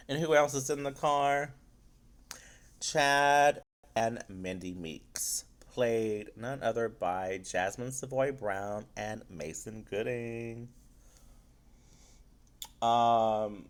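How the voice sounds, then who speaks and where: A man's voice: mid-range voice, drawn-out words. A man giving a casual spoiler review of a film, loose and rambling, with frequent swearing.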